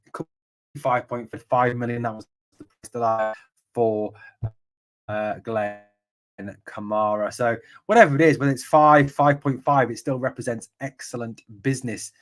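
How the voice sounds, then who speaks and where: A man's voice: medium pitch, steady tone, moderate pace. An English man hosting a live football podcast, reading out viewer comments and answering them in a chatty way with many ums. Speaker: podcast host.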